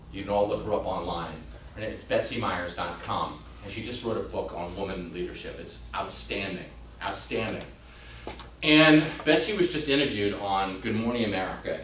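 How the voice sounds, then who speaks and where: A man in his fifties giving an emphatic motivational talk as a real estate trainer, swinging between loud urging and hushed storytelling. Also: on the low side. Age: 50s. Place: training room. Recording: roomy, distant mic, faint hum.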